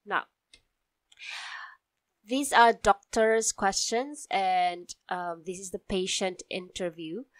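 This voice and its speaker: Slow, patient Cebuano-accented woman teacher. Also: mid-range voice, steady tone, no echo. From Cebu, Philippines. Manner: patient, explaining step by step with frequent ums. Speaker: language teacher. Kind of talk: casual online language lesson.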